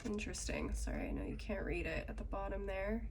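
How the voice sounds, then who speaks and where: Woman with a cold, slightly congested, middle-pitched, casual and musing as a tarot reader. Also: huge pitch swings, a little fast, a little mellow, slight background noise. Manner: chatty, musing aloud over cards. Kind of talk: casual tarot reading to camera.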